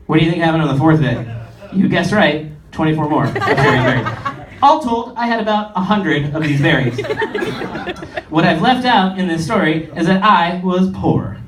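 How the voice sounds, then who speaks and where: A young male comedian performing stand-up with a wildly lively pitch, swinging between big highs and low asides. He sounds distant, in a roomy club with a crowd around him. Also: moderate pace. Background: audience laughter.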